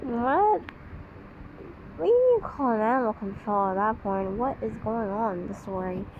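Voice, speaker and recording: A woman's voice: on the high side, animated, moderate pace. A woman with a childlike-sounding voice, reading a story aloud and mocking it with incredulous asides. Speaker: channel host reading a story. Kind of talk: sarcastic reading commentary. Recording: dull lo-fi with faint hiss.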